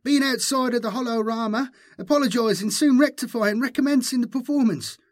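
A man's voice: very high-pitched, fairly quick, voice pushed up. A man voicing a fawning male herald who babbles in clipped, odd phrases. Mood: flustered apologetic.

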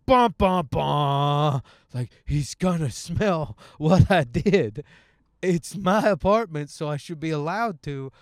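A man's voice: mid-range voice, smooth, no echo, studio quality. A young man hosting a casual podcast alone, telling a crude story with many jokes and laughs while driving. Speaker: podcast host. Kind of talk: casual solo rant. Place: in a car, driving.

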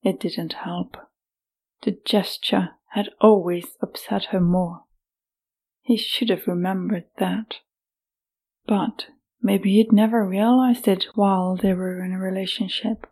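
Unhurried woman narrating an audiobook. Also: medium pitch, fairly even intonation, darkish tone, breathy edge.

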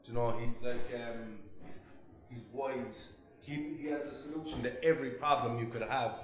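A man's voice: medium pitch, moderate pace, crowd noise. Laid-back Irish man in a roomy space. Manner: laid-back, swears freely, laughs often. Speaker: podcast guest, food reviewer. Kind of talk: casual chat.

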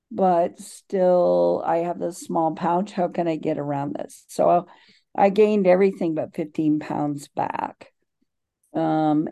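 A woman giving a personal recovery share at a twelve-step meeting, halting and full of ums and restarts, heard over a video call. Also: deep voice, creaky, dark tone.

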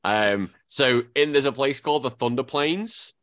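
A man hosting a casual podcast chat, talking animatedly and breaking into high-pitched impressions. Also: a little slow, fairly bright tone, no echo, studio quality. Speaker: podcast host.

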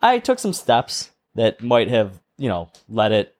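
A man's voice: medium pitch, unhurried. A man co-hosting a casual podcast, telling a story at length and acting out the people in it. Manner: animated storyteller, acts out quoted voices. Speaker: podcast co-host.

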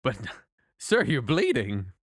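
A man's voice: mid-range voice, huge pitch swings, slow pace, dry recording, studio quality, exaggerated voice. A man doing a polite temple gatekeeper. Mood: welcoming. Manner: polite, formal address. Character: courteous male temple gatekeeper priest.

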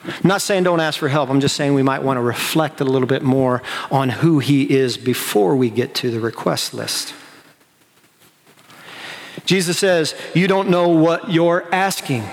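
A man preaching a sermon as a pastor, animated, acting out the disciples in quick excited asides. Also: mid-range voice. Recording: long hall reverb.

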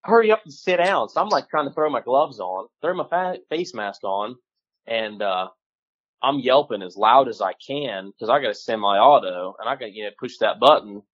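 Man, guest storyteller, low voice, animated, casual swearing, muffled lo-fi sound. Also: moderate pace. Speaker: guest hunter.

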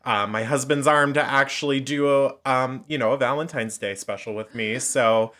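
Bright, giggly man on a podcast. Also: medium pitch, normal speed. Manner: giggly, laughs between words. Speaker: podcast guest and host. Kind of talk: casual podcast chat.

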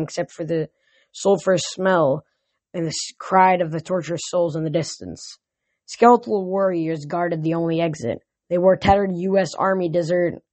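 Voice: mid-range voice, darkish tone, no echo. Plain dry audiobook narration. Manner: plain reading with occasional slips.

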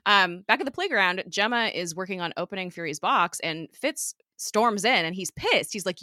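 A woman hosting a podcast, recapping a TV episode in a chatty way, full of fillers and quick giggles. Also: medium pitch, animated, sharp tone, no room sound, clean studio sound.

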